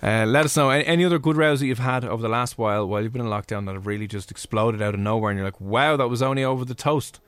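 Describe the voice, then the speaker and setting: Quick-talking radio host. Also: male voice, on the low side, fairly even intonation, a bit bright, smooth, dry recording. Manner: quick, jokey, teasing. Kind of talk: casual radio chat.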